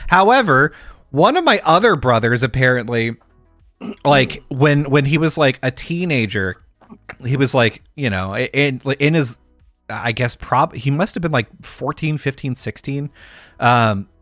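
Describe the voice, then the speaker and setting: A man's voice: medium pitch, lively intonation, a little slow, fairly bright tone, no echo, faint music behind. A man co-hosting a podcast, telling a family story in casual, rambling chat full of fillers. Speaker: podcast co-host.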